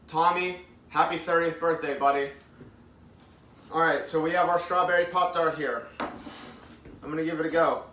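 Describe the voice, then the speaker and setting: Casting: upbeat male streamer, thirties, bright forceful voice, a little off-mic in an echoey room. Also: on the high side, fairly even intonation, moderate pace, long pauses, distant mic, a little hiss or hum. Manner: chatty, upbeat, talks with mouth full, reads comments aloud. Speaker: vlogger hosting a live eating show. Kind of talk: casual live-stream chat.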